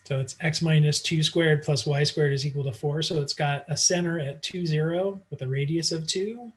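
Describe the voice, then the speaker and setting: A man's voice: fairly high pitch, steady tone, normal speed. Casual man teaching math online. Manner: casual, talks while working problems, many fillers. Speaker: math instructor. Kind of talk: online lecture.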